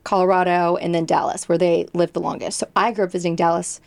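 Woman from England, guest, chatty and upbeat, gravelly edge, dry close sound. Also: lowish voice, level tone, quick pace, dry recording. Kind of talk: casual chat.

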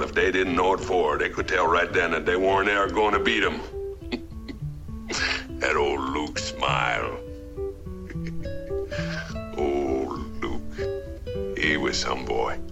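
A gravelly drawling convict. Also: male voice, very deep voice, slow, long pauses, full character voice. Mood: fond, wistful. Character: drawling male convict, fond storyteller. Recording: film clip with guitar score.

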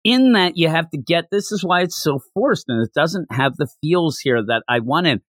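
Animated male anime-review host, voices the characters as he goes, lively pitch, dry sound. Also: dry recording. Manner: animated, acts out characters' lines in quick bursts. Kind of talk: casual chat.

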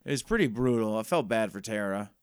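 A man's voice: on the low side, lively intonation, fast, clear, resonant tone, no room sound, studio quality. A man in casual chat, recapping a TV season in a loose, rambling, profane play-by-play.

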